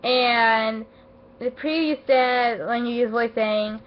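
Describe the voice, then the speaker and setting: A woman giving a casual, rambling anime episode review, emotional and excitable, full of fillers and restarts, her voice not at its best as she feels unwell. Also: on the high side, takes it slowly. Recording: dull lo-fi home recording.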